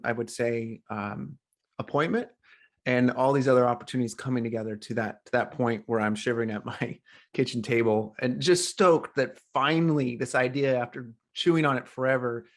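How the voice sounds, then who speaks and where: A middle-aged man, a coach, telling a story as a podcast guest in a lively, animated way. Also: medium pitch. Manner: animated storyteller, acts out quoted voices. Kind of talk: casual storytelling interview.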